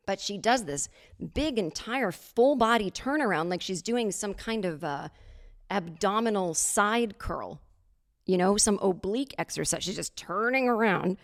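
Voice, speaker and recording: A woman hosting a podcast, telling a comic story in a sarcastic, animated way and acting out other people's lines. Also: medium pitch. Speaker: podcast host. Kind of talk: comedic storytelling monologue.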